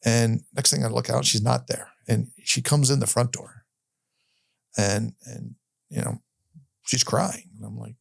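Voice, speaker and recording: A middle-aged man, a podcast guest, telling a personal story in a candid, halting way, often restarting and repeating his words. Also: medium pitch, steady tone, gravelly, no room sound, studio quality. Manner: candid, occasionally swears.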